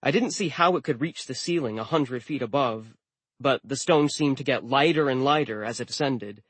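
A man's voice: mid-range voice, normal speed, husky, dry recording. A man narrating a story in the first person with a dry, wry manner. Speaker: audiobook narrator.

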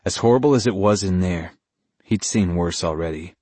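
A man reading a novel aloud in measured, scripted narration. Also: low-pitched, darkish tone, breathy edge, no echo. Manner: measured storytelling. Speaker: audiobook narrator.

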